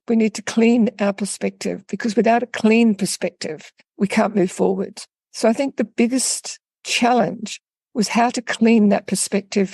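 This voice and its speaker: A woman guest talks in an unhurried, reflective way, with a gravelly, slightly husky voice. Her tone is dark and mellow, and it is recorded dry and close. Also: medium pitch, dry recording. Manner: thoughtful, unhurried, with small restarts. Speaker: guest, coach for women in midlife. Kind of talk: reflective interview talk with storytelling.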